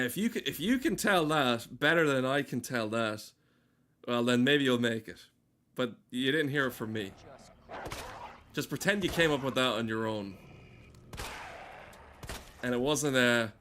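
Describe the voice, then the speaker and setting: A male streamer chatting loosely over his gameplay, cursing freely and cutting himself off mid-sentence. His voice sits at an ordinary middle pitch, neither high nor low. He jokes with his chat as he plays. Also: fairly bright tone, slight background noise. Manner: rambling, swearing, self-interrupting, joking with chat. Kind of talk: casual gaming stream commentary.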